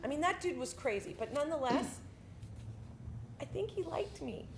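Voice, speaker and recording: A woman's voice: sits high, lively intonation, moderate pace, slight background noise. A woman army veteran telling a story about basic training on a theatre stage, casual and profane. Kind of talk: spoken monologue performance.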